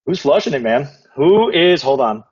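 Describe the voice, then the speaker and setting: A man's voice: fairly high pitch, very animated, normal speed, a little mellow, slightly rough. A man casually co-hosting a fantasy football recap, laid-back and rambling, laughing often. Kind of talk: casual chat. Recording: dull lo-fi recording.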